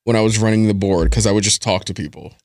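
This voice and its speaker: A man's voice: lowish voice, fast talker, darkish tone, no echo, studio quality. A man from New Jersey with a slight East Coast accent, talking easily and conversationally as an interview guest. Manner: conversational, easygoing. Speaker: radio host, guest. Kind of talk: casual interview chat.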